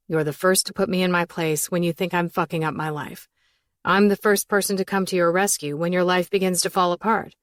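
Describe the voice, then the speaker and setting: A woman's voice: no room sound, studio quality, close to an everyday voice. A woman voicing a smug ambitious young man. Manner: flat, matter-of-fact, lowered voice.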